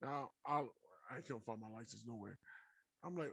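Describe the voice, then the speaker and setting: A young adult man hosting a podcast, telling personal stories casually with lots of swearing and animated retelling. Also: mid-range voice, moderate pace, gravelly, slightly rough, no echo. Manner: profane, animated anecdote telling. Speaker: podcast host. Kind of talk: casual storytelling.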